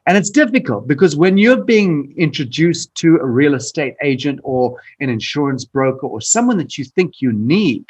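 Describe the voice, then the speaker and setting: A husky, fairly high-pitched male voice comes through on a lo-fi recording, very animated and at a moderate pace with few pauses. As a podcast guest in a frank, conversational interview, he's blunt and emphatic, swears at times, and keeps restarting phrases and repeating himself.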